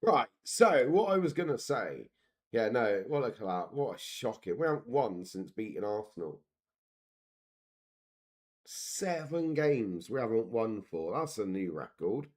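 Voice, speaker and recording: Animated man reacting to gameplay. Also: fairly low pitch, a little slow. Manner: excitable, groans and cheers at the screen. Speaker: game streamer. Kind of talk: casual live gameplay commentary.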